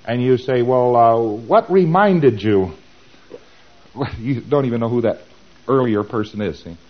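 A man's voice: medium pitch, muffled recording. A man giving an informal lecture, animatedly acting out both sides of the dialogues he describes.

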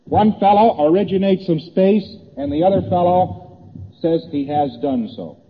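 Male lecturer, slightly high voice, chatty and repetitive, thin phone-like old tape with hall reverb. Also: measured pace, a little hiss or hum. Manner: conversational, repeats points, acts out little exchanges. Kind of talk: lecture explaining graphs on a board.

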